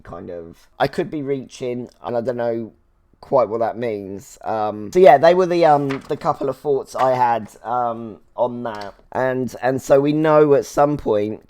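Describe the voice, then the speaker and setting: A man's voice: mid-range voice, a little mellow. Rambling man. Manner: rambling, with many fillers. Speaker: reaction video host. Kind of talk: casual chat before a reaction.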